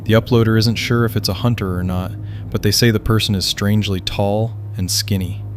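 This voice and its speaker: A man giving scripted narration of camping encounters in an even, measured storytelling manner. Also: on the low side, a little hiss or hum.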